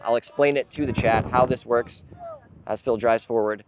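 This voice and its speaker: A man doing partisan play-by-play for his club's live stream, getting frustrated and sometimes yelling at calls. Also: mid-range voice, steady tone, moderate pace. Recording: dull lo-fi live stream audio with noise.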